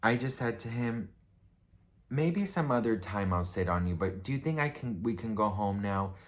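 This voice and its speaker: A man's voice: on the low side, animated, normal speed. Chatty man rambling through a story. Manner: rambling, filler-heavy, chatty. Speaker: vlogger. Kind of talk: casual storytime.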